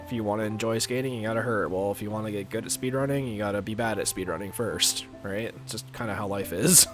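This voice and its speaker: A man's voice: on the low side, fast talker, music in the background. Rambling congested male gaming streamer. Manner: rambling, filler-heavy, chatty with viewers. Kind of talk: casual live-stream chat while playing.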